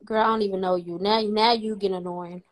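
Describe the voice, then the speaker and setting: A woman's voice: medium pitch, steady tone, brisk. A woman hosting a live stream, talking in a brash, profane and dismissive way as she answers comments. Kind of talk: casual live stream chat.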